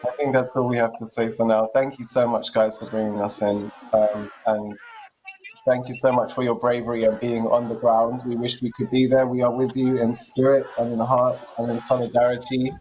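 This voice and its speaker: An indignant co-host speaks forcefully in live-stream commentary. The voice is medium in pitch. A faint background hum runs underneath. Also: level tone, normal speed, low-quality recording. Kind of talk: impassioned commentary.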